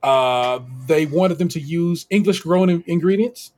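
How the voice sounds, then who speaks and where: A man co-hosting a podcast, recapping in a casual, slangy, animated way and laughing often. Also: on the high side, a little slow. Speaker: podcast co-host.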